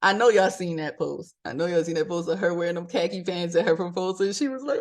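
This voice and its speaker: Middle-aged woman from maryland doing her podcast, chatty and lively, laughs a lot, voice jumps up high when she makes a point. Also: brisk. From Maryland, USA. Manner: animated, laughs often, pitch jumps up for emphasis. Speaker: podcast host. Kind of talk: casual motivational talk.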